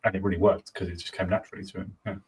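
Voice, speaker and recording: A man's voice: sits low, flat delivery, rapid-fire, darkish tone, husky. A man co-hosting a casual podcast discussion, talking in a hesitant way. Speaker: podcast co-host.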